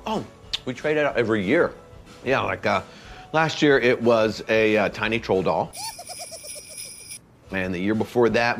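An actor playing a cheerful, oblivious dad in a comedic church skit, rambling earnestly with fillers. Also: male voice, on the low side. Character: goofy cheerful dad with a levitating star topper.

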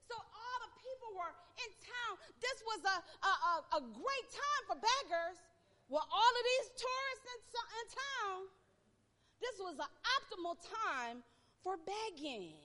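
Woman preacher, bright and lively, dramatic storyteller, church-hall echo. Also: high-pitched. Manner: dramatic storytelling, acting out crowd voices. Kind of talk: sermon. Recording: long reverb of a hall.

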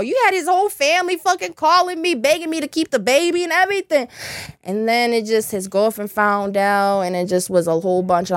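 A woman's voice: mid-range voice, lively intonation, brisk, dry recording, clean studio sound. Blunt woman telling a story. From Southern United States. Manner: candid, profane, blunt. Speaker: podcast guest. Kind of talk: casual storytelling.

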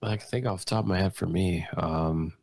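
A man's voice: low voice, a little fast, vocal fry, a little mellow, dry recording. A man co-hosting a podcast, chatting casually and agreeing with his partner. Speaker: podcast co-host. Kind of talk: casual chat.

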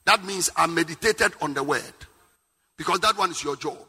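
A man preaching a fiery sermon, shouting and half-singing his lines. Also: on the high side, moderate pace, husky. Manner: impassioned, shouting and half-singing, mimicking tongues. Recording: music and long hall reverb.

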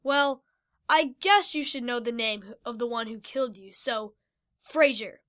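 A woman's voice: fairly high pitch, a little slow, fairly bright tone. A woman voicing a sinister, shape-shifting male sorcerer in a storybook reading, speaking in a gloating, menacing way. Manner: gloating, menacing, with cruel laughter.

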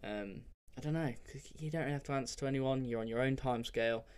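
A man's voice: medium pitch, fast talker, clear, resonant tone. A young man, telling travel stories on his podcast in a loose, candid, sweary way with lots of fillers. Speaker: podcast host. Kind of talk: casual solo storytelling.

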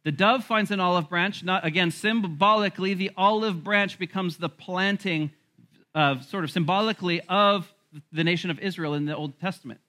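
A male pastor giving a lively sermon, with laughs and quick asides. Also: sits high. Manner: animated preaching with laughs and asides.

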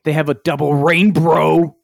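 A man's voice: fairly high pitch, level tone, a little slow, creaky, dry recording. A middle-aged man co-hosting a podcast, reading a menu aloud with wry amusement and casual swearing. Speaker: podcast co-host. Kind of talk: casual chat.

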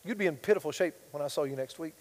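A man preaching a sermon as pastor, swinging between loud emphatic bursts and quiet asides. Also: fairly high pitch, very fast, long reverb tail, poor audio.

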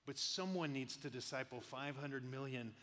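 A man preaching a sermon, telling animated personal stories and laughing often. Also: mid-range voice, moderate pace, long reverb tail. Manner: animated storyteller, laughs often, quotes people. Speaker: pastor.

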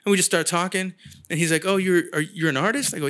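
A man's voice: on the high side, steady tone, quick pace, a bit bright. A man in casual chat, telling a long story and acting out the people he quotes, swearing freely. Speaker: guest artist.

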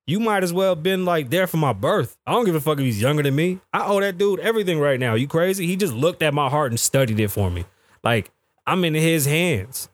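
A man in his thirties hosting a podcast, telling a story in a profane, animated way and acting out the people he quotes. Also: on the high side, fast, no room sound. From United States. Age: 30s. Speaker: podcast host. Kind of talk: casual storytelling monologue. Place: podcast studio.

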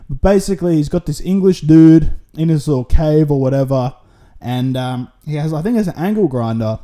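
A man's voice: on the high side, animated, moderate pace, mellow. A man with an Australian accent hosting a solo podcast, rambling through a casual, sweary monologue full of tangents. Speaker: podcast host.

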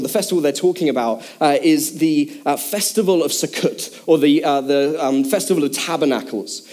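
Man, sermon, casual chatty delivery, high-pitched voice. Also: mellow. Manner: casual, chatty, many fillers. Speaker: preacher. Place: church hall with congregation.

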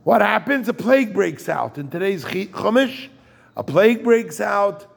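A man's voice: high-pitched, lively intonation, moderate pace, vocal fry, slightly rough. A man giving an informal Torah talk as a rabbi, jokey and digressive, and turning to ask his listeners questions.

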